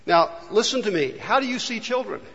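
A man's voice: high voice, lively intonation, fairly quick, fairly bright tone, husky. A man from California preaching a sermon, earnestly asking the congregation rhetorical questions. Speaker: pastor. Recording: dull, long reverb in a hall.

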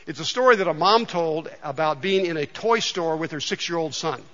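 A male pastor preaching a sermon in a conversational, storytelling way, often dropping soft and quiet. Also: on the high side, animated, a little fast. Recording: dull sound with long hall reverb.

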